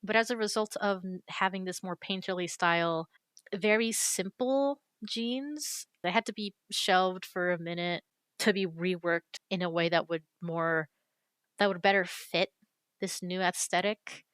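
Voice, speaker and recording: A woman's voice: on the low side, a little slow, fairly bright tone, smooth, no echo. A woman chatting casually and enthusiastically while walking through a game's character creator, with fillers and self-corrections. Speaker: YouTuber reviewing a game character creator. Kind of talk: casual screen-recorded commentary.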